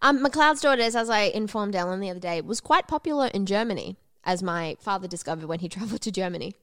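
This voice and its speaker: A woman's voice: lively intonation, fast talker, fairly bright tone, dry recording. Young woman, brash podcast co-host, curses a lot, dry close recording. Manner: brash, swears freely, theatrical jumps in pitch. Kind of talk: casual chat.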